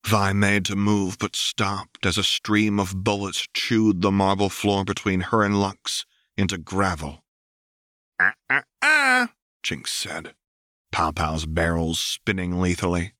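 An audiobook reader with a deep voice narrates a story in a steady, measured way, his tone bright and forceful. The recording is dry and close, with no room around it.

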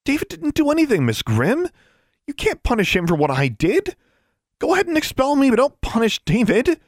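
A man voicing a defiant, impulsive young female student, protesting in a high, strained voice. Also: huge pitch swings, moderate pace, no room sound, clean studio sound, heavily acted.

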